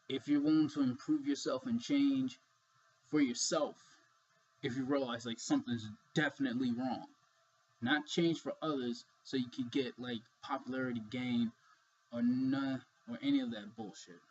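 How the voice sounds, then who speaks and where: A man's voice: mid-range voice, muffled recording. A man talking frankly in a casual monologue vlog, rambling and swearing freely as he goes.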